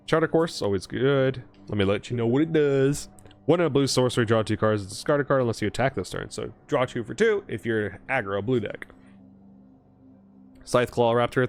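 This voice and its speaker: A young man casually narrating a card pack opening, reading card text aloud quickly and reacting with excitement. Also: medium pitch. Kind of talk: casual commentary while opening card packs.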